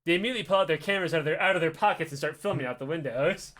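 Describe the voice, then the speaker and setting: A man hosting a podcast, telling a story in an animated, casual way, swearing a lot and acting out the people in it. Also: on the high side, very fast. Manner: animated, heavy swearing, acts out voices. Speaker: podcast host.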